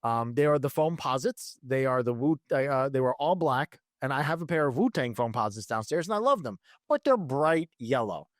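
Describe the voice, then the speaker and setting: A man in his thirties co-hosting a podcast, telling stories in an animated, casual way with plenty of swearing. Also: mid-range voice, moderate pace, few pauses, no echo, clean studio sound. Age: 30s. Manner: animated storyteller, swears freely. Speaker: podcast co-host. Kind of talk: casual chat.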